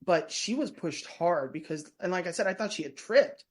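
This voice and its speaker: A woman's voice: fairly low pitch, animated, normal speed, darkish tone. Chatty woman rambling through stories. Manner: chatty, meandering, full of restarts. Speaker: guest, former prison staff member and tour guide. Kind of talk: casual storytelling in a podcast interview.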